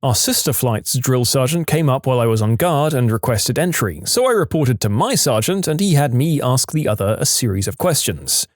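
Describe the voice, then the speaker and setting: A man's voice: moderate pace, few pauses, no room sound, studio quality. A man reading listener stories aloud as scripted narration, lifting his voice for quoted characters. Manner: animated, jumps pitch for quoted voices.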